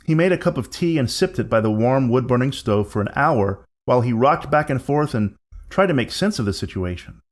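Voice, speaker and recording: A man narrating a scripted horror story in a measured, suspense-building way. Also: medium pitch, animated.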